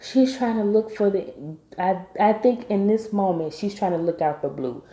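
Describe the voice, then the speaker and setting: A woman's voice: medium pitch, expressive, moderate pace, mellow. A woman recapping a TV episode in a casual, emphatic vlog style, bluntly scolding the characters as she goes. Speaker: TV recap vlogger. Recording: echoey room.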